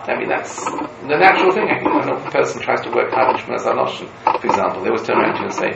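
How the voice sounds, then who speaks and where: A man, a rabbi, giving a Torah lecture to students, telling stories in an animated way and weaving Hebrew quotes into his explanation. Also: mid-range voice, quick pace, creaky, hardly any pauses. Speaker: rabbi teaching a class. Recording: roomy room with background noise.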